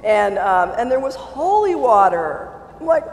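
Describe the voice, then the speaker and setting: A churchgoer telling a personal faith story in a casual, animated way, often exclaiming and laughing mid-sentence. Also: medium pitch, a little slow. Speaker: churchgoer sharing a personal testimony. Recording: roomy hall with long reverb and faint ambience.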